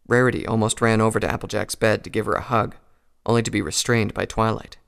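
A man reading a pony fan fiction story aloud in a calm, even storytelling voice. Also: fairly low pitch, fast talker, gravelly, clear, resonant tone. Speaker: narrator.

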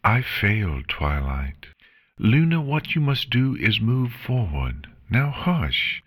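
Gentle, reassuring regal pony princess, a man doing the voice with a lively, raised pitch. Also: takes it slowly, exaggerated voice. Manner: warm, soothing, reassuring speech. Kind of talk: fan fiction reading.

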